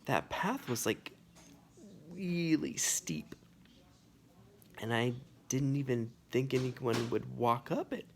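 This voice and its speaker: A man telling a personal anecdote, animated and full of sound effects and casual asides. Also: medium pitch, slight background noise. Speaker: storyteller. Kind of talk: personal anecdote told to camera.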